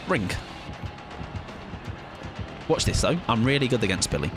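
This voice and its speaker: A man's voice: mid-range voice, expressive, unhurried, music in the background. A man, chatting casually with viewers as a game streamer in a playful, rambling, self-mocking way.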